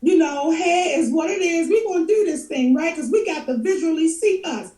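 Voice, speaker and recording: A woman guest telling animated stories in an interview, expressive and laughing often. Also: very high-pitched, moderate pace, echoey room, distant mic. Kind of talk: animated storytelling.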